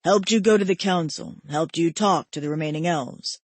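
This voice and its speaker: A woman narrator voicing a gentle, teasing male best friend in an audiobook, drawing out his words slowly. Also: lowish voice, husky, dry recording.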